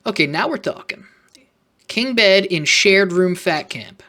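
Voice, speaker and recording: A man's voice: high-pitched, lively intonation, a little slow, sharp tone. A man making an off-the-cuff vlog, talking sarcastically and rambling, with self-conscious asides. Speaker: YouTuber.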